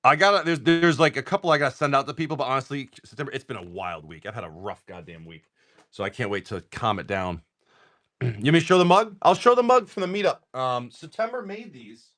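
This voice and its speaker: A man's voice: mid-range voice, a bit bright. A young man casually chatting and joking on a live stream as he opens card packs and reads out the names of the cards. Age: young adult. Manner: jokey, rambling, reads card names aloud in quick lists.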